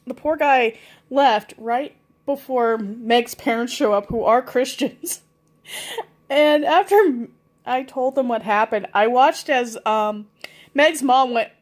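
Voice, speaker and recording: A woman of about forty with a fairly high voice tells stories casually. She rambles with many ums and uhs and laughs as she goes. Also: measured pace. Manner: rambling, many fillers, laughs while telling. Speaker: vlogger telling stories. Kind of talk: casual anecdotal storytelling.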